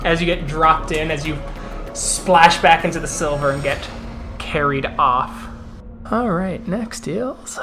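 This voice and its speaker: A man narrating as storyteller of a tabletop role-playing game, describing scenes in an unhurried way. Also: a little high, pushed and bright.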